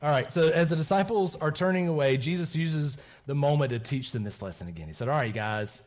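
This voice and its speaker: A pastor with a slightly high voice speaks briskly while giving a children's message at church. He's animated, asking the kids questions and tagging his points with "right?"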